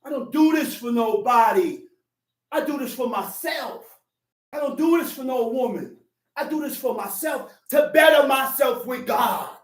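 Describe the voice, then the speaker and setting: A man giving a religious Sabbath teaching to a small group. He talks in a streetwise, conversational way and breaks into sudden shouted bursts for emphasis. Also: very high voice, normal speed. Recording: echoey room, distant mic.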